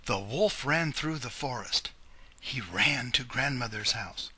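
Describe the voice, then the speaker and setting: Man reading aloud, slow, lively pitch, gravelly, bright, husky. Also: dry recording. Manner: deliberate, lively storytelling. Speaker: reader. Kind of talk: slow storybook read-aloud.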